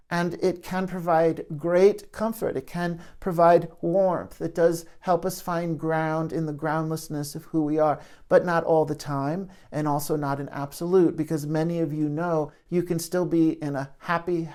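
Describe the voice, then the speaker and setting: A man's voice: on the high side, little pitch movement, unhurried, darkish tone, clean tone. A man speaking as a therapist in an educational talk to camera, reflective and searching for his words as he goes.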